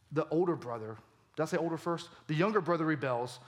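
A male pastor preaching a sermon with animated emphasis, his voice climbing for key points. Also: brisk. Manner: animated, voice rising high for emphasis.

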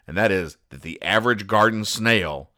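A man hosting a comedy show, reading comic strips aloud and explaining the jokes in a wry, deadpan way. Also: on the low side, moderate pace. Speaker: host.

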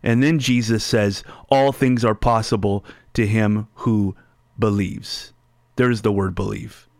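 A male pastor delivering a sermon at a slow, unhurried pace. He reads scripture aloud and then explains it line by line. His voice sounds close and dry, with little room echo. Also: fairly low pitch, fairly even intonation, vocal fry, a little mellow.

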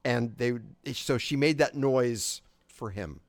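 A man co-hosting a podcast in casual movie chat, animated and quick with interjections and repeated words. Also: medium pitch, no echo. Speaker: podcast co-host.

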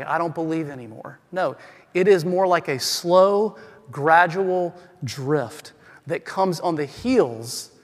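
A male pastor preaching a sermon, emphatic and repetitive, asking the congregation rhetorical questions. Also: on the high side. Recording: long hall reverb.

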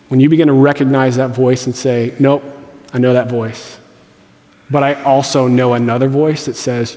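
A man's voice: mid-range voice, little pitch movement, normal speed, warm tone, big-room sound. A man preaching a sermon as pastor, in a conversational, joking way with playful voiced asides.

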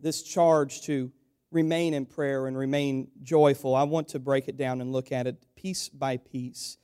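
A man's voice: mid-range voice, steady tone, measured pace, darkish tone, clean tone. A man preaching a sermon to his church, building to emphatic, repeated exhortations and calling his listeners "church".

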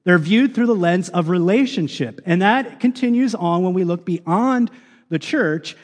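A man's voice: high voice, expressive, unhurried. Man preaching in a reverberant hall. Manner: earnest, reads scripture aloud with many ums. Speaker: pastor. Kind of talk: sermon. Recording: long reverb of a large hall.

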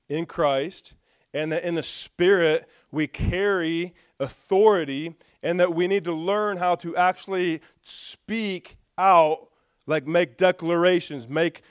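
A man's voice: a little high, clean tone, dry recording, studio quality. A man preaching to a congregation, telling a personal story with humor and acting out the dialogue as he goes. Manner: lively storyteller who acts out dialogue with humor. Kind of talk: storytelling sermon.

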